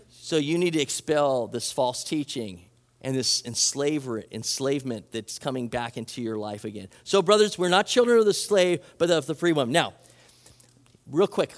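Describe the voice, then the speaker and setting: A man preaching a sermon as a pastor, animated and conversational, acting out quoted voices and restarting his phrases. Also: on the high side, big-room sound.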